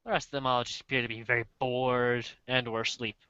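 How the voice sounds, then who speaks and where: A man's voice: medium pitch, level tone, brisk, bright, forceful tone, smooth, no room sound. A man running a tabletop role-play as game master, narrating casually with playful asides. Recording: muffled dry lo-fi recording.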